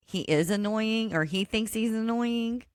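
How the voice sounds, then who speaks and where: A woman co-hosting a podcast, giving measured, thoughtful takes in casual chat. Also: fairly high pitch, clear, resonant tone, dry recording, studio quality. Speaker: podcast co-host.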